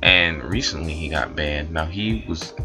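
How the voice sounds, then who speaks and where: Deep-voiced man giving loose commentary. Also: measured pace, music in the background. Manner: loose, rambling explainer with fillers. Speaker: commentary YouTuber. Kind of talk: casual commentary.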